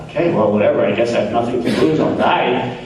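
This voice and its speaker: A man's voice: medium pitch, quick pace, darkish tone, pitched below the performer's own voice, lightly acted. A man voicing an elderly man dying of thirst in the desert, weary and desperate as he asks for things. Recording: echoey live room, mic at a distance, faint noise.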